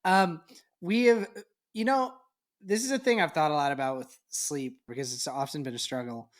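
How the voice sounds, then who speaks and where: Relaxed reflective man, casual podcast dad. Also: fairly high pitch, moderate pace. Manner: relaxed, reflective, laughs easily, swears casually. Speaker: podcast co-host, parent. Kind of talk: casual chat.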